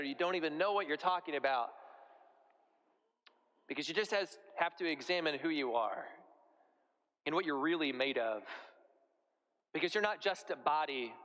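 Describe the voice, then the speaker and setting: Bright-voiced priest in an echoey church. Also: male voice, on the high side. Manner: conversational, relaxed preaching with everyday comparisons. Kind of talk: sermon.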